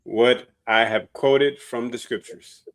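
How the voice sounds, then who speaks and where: A man reading Bible verses aloud in a plain, steady way during a sermon. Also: mid-range voice, slow. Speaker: scripture reader.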